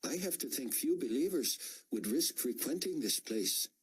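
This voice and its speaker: A male audiobook narrator voicing a cautious young woman who speaks quietly and warily. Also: medium pitch, animated, moderate pace, husky, pitched above the performer's own voice. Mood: wary. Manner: quiet, wary.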